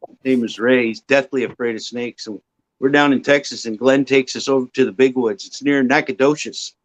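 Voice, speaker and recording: A man in a casual chat telling lively travel anecdotes and acting out the sound effects. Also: medium pitch, normal speed, low-quality recording.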